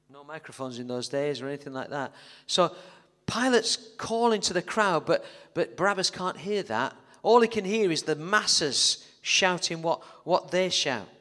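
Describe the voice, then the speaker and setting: In a church hall full of echo, a male pastor with a high, slightly bright voice delivers his sermon. He dramatizes the story and jokes with the people listening.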